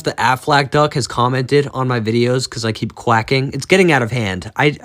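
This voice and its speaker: A man playing a quick word game on camera, teasing his partner in a playful way. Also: mid-range voice. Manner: teasing and playful, lively delivery.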